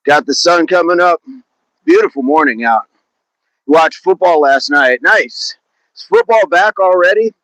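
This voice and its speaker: A man's voice: fairly high pitch, lively intonation, unhurried, a bit bright, no room sound, low-quality recording. A man coaching a fitness live stream outdoors in a park, chatting casually, upbeat, greeting viewers by name and repeating words. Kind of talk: casual live-stream chat while warming up.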